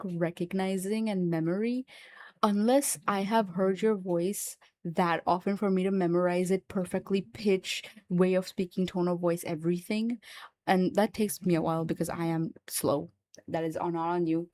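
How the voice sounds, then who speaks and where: A woman streamer and voice actor chatting live on stream, excitable and repetitive, swearing freely. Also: on the low side. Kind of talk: casual livestream chat.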